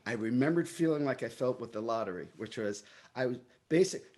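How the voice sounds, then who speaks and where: A middle-aged man with a New York accent, telling stories in an interview and acting out his own past dialogue with lively energy. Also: medium pitch, fairly quick. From Brooklyn, New York. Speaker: guest. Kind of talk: storytelling in a casual interview.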